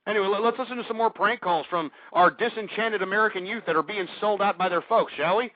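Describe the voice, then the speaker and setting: A man's voice: sits high, quick pace, dry recording. A man hosting a call-in radio show, ranting and hurling insults at his callers. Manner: abrasive, insulting, shouting at callers. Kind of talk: aggressive talk radio rant. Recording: dry, tinny phone-like audio.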